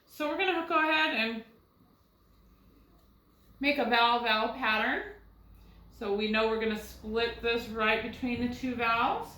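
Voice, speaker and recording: A woman's voice: on the high side, unhurried, long pauses, pushed and bright, echoey room, poor audio. A woman teaching a recorded first grade phonics lesson, patiently sounding words out syllable by syllable and asking guiding questions. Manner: asks rhetorical questions to guide young students.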